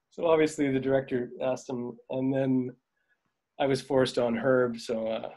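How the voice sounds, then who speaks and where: Man, middle-aged, casual interview guest, rambling storyteller, fillers and laughs, mid-pitched voice. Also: little pitch movement, a little slow, mellow. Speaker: veteran dolly grip, guest.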